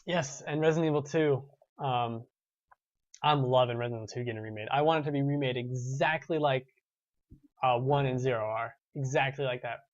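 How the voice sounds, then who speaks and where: A man in his twenties hosts a gaming show, chatting casually and rambling with restarts as he reads viewer comments. His medium-pitched voice moves fairly quickly, and the lo-fi recording has no room sound.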